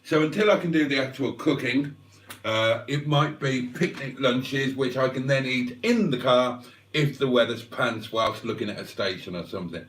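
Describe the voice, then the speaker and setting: Bloke rambling on a livestream, self-mocking, keeps clearing his throat, mic a bit far off. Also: mid-range voice, normal speed, fairly bright tone. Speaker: livestream host. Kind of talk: rambling casual chat to viewers. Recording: roomy sound, mic at a distance.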